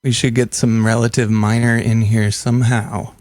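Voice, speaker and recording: In a mid-range voice that's a little mellow, with little pitch movement, a young producer talks at normal speed with no room sound. He hosts a music-making video, chatting casually and reading viewer comments while he builds a song.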